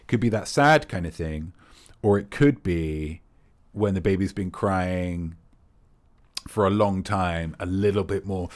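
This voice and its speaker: A man's voice: lowish voice, measured pace, no echo. A man hosting a trivia quiz, reading out questions and answers in a casual, playful way with jokey, rambling asides. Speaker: quiz host.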